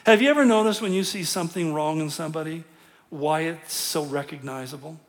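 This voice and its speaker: Middle-aged man preaching; easygoing, self-deprecating pastor who laughs at himself, voice sitting a bit high. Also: a little fast. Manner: conversational and self-deprecating, with frequent chuckles. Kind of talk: sermon.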